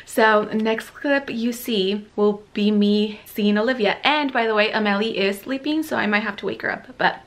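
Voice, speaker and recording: A pregnant young woman vlogging at home, excited, giggly and a little breathless. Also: mid-range voice, moderate pace, hardly any pauses, slight background noise. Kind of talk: casual vlog.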